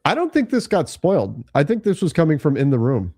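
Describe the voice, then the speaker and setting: A man's voice: on the high side, wildly swooping pitch, brisk, dark tone, no echo, clean studio sound. A man co-hosting a live basketball draft show, chatting casually and laughing often. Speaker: podcast co-host.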